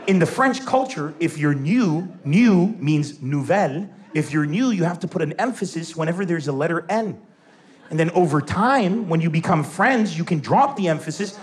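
A man telling a stand-up comedy story, acting out voices and shouting his punchlines. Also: on the high side, moderate pace. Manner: animated, acts out voices, laughing, shouting punchlines. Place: stage before a live audience. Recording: roomy venue with faint crowd and noise.

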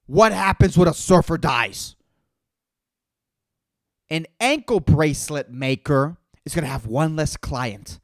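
A man's voice: fairly high pitch, lively intonation, slow pace, pauses often, dry recording, studio quality. A young man hosting a solo podcast, ranting in a profane, sarcastic, exasperated way. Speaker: podcast host. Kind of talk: solo comedic rant.

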